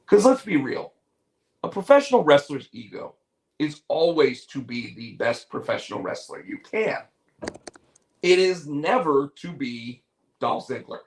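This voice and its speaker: A man's voice: on the high side, big pitch swings, takes it slowly, pauses often. A man hosting a podcast in casual chat, rambling animatedly and restarting his sentences. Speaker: podcast host. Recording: echoey room.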